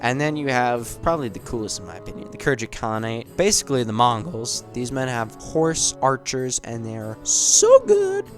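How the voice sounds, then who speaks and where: A man's voice: mid-range voice, wildly swooping pitch, moderate pace, hardly any pauses, faint music behind. Jokey, cussing man talking games. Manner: rambling, jokey and profane. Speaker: game video essayist. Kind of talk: casual game commentary.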